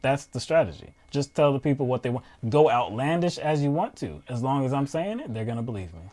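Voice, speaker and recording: A male talk show co-host in an easy, conversational delivery, pausing with fillers as he reads quotes from his notes. His pitch sits in the middle range. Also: expressive, a little mellow. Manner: conversational, with frequent fillers while reading quotes aloud. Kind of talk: casual political commentary, reading news quotes.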